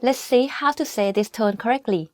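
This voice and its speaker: A woman teaching a language lesson, explaining each tone clearly and slowly demonstrating example words. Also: a little high, a little mellow, no room sound, clean studio sound. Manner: clear, slow demonstrations of tones.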